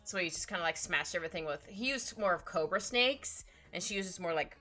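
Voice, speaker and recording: Lively, bright-voiced woman streamer. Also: fairly low pitch, brisk. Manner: rambling, excitable, laughs often. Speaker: art streamer. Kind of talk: casual chat while drawing live. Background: faint background music.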